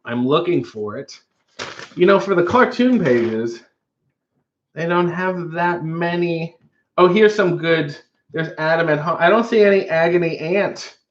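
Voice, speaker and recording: A man hosting a loose, comedic stream, tossing out deadpan quips between bits he reads aloud. His voice sits a little on the high side for a man. The audio is dull and lo-fi, with the top end rolled off. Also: a little slow, a little hiss or hum. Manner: dry, offhand joking asides while reading chat and comics aloud. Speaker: streaming show host. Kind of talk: casual comedic live-stream chat.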